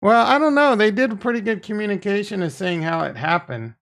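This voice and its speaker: A man's voice: high-pitched, lively intonation, a little fast, vocal fry, a bit bright. A man hosting a casual crypto livestream, rambling and swearing freely as he reacts to viewer comments. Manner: rambling, profane, off-the-cuff.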